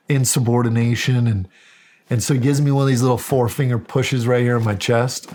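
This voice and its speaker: Animated storytelling man, middle-aged. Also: medium pitch, a little fast. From United States. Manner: animated storyteller, acts out quoted dialogue. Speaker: guest, county sheriff. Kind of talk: storytelling in a podcast interview.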